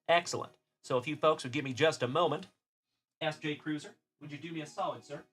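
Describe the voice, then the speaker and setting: A man's voice: a little high, pushed and bright. A middle-aged man from South Texas hosting a casual card-breaking livestream, chatty and upbeat, greeting viewers by name.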